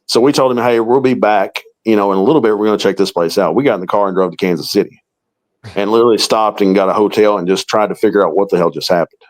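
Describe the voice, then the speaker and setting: A man's voice: lowish voice, quick pace, poor audio. A middle-aged man, a paranormal investigator, telling a long story in an interview and acting out the quoted dialogue.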